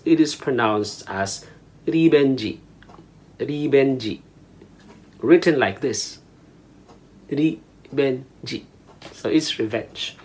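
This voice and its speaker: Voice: medium pitch, a little mellow. A language teacher gives a casual lesson in a small room, mixing Tagalog and English and spelling words out letter by letter.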